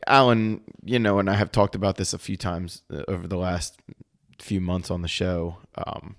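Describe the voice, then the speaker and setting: A man co-hosting a podcast with a somewhat low voice. He talks in a loose, animated way and rambles, with many fillers, as if chatting with friends. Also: normal speed. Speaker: podcast co-host. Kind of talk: casual chat.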